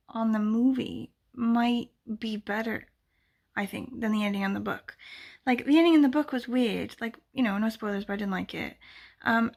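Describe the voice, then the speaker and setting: Chatty woman with a gravelly voice. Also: a little high. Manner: chatty, rambling, full of "like" and "blah, blah, blah". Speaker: book vlogger, readathon co-host. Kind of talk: casual chat to camera. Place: at home.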